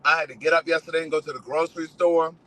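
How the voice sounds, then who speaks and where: A man hosting a casual live stream, telling stories in an animated way and swearing freely. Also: on the high side, racing, rough recording. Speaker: host.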